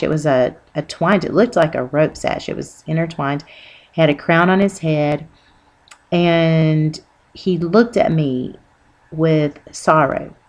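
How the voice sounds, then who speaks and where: Low gravelly woman giving earnest testimony. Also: darkish tone. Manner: earnest, rambling with many fillers. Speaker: Christian testimony speaker. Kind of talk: personal testimony.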